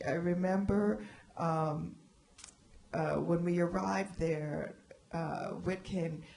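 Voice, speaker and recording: Woman on a panel telling old stories, lots of restarts, kinda low voice. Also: gravelly, a little mellow, slight background noise. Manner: halting, many restarts and fillers. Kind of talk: reminiscing on a panel. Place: library event room. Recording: echoey hall.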